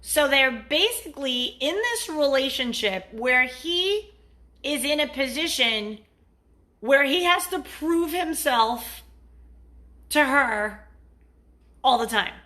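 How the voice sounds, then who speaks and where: Blunt, bright-voiced woman coach. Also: high-pitched, animated, slow pace, long pauses. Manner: blunt and profane, acts out quoted partners. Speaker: dating and relationship coach. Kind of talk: casual advice vlog monologue.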